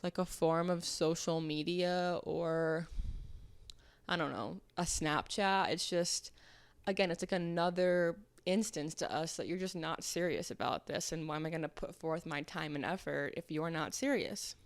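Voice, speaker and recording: Young woman podcast host, lowish smooth voice, dry close sound, chatty and candid, lots of "like.". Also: steady tone, normal speed, no room sound. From Arizona, US. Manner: chatty and candid, heavy "like" filler, acts out quoted people. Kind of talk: casual solo podcast monologue.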